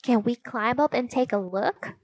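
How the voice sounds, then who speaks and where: A woman's voice: fairly high pitch, unhurried, no room sound, pitched above the performer's own voice. A woman voicing an outspoken, curious young girl. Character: impatient girl, outspoken friend.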